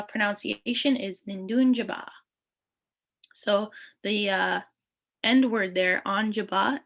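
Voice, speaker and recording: A woman from Thunder Bay, Canada, teaching a beginners' language lesson, patiently repeating each phrase slowly, with frequent "um" and "uh". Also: mid-range voice, a bit bright.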